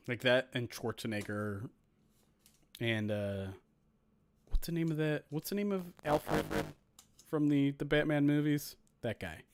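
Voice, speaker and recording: Medium in pitch and expressive, this man's voice carries a football game simulation stream where he casually chats with the audience. Self-mocking and ready to laugh, he narrates the plays as they happen, keeping it light.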